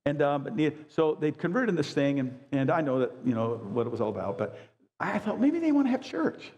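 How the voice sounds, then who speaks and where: A man in his sixties preaching a sermon as a pastor, high-energy and emphatic with folksy asides. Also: animated, fairly quick, darkish tone, highs cut off. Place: church sanctuary. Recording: long church reverb.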